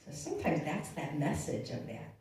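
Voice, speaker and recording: A woman giving a reflective, halting church talk on grief, with frequent restarts and sighs. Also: low voice, huge pitch swings, darkish tone. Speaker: guest speaker. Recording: echoey room from far off, faint noise.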